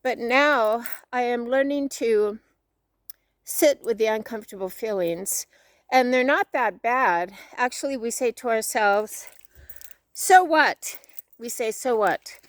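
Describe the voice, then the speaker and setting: A woman's voice: on the high side, measured pace, dry recording. Earnest, slightly breathless woman vlogger. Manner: earnest, repetitive, preachy. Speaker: fitness vlogger. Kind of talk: motivational talk while walking. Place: outdoors.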